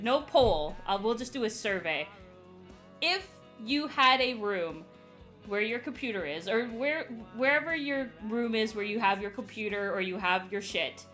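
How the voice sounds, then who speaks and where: Young woman streamer, high-ish and bright, giggly and animated. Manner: animated, profane storytelling with frequent laughter. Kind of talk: casual live-stream chat.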